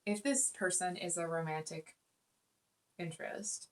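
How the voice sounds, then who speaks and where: A woman with a lowish voice gives an unhurried, casual tarot reading aloud. She's earnest and rambling, full of fillers and restarts.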